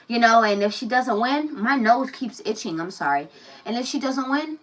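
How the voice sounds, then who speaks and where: A woman's voice: fairly high pitch, lively intonation, normal speed, far from the mic, poor audio. Blunt, profane woman reading tarot. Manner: blunt, profane, talks straight to the viewer. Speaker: tarot reader. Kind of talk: casual tarot reading with personal stories.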